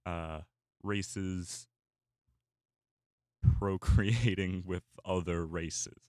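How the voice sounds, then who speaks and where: A man's voice: low voice, fairly even intonation, drawn-out words, darkish tone, dry recording, studio quality. A young man chatting casually while he draws, rambling with many fillers and restarts. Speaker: artist and YouTuber. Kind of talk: casual chat while drawing.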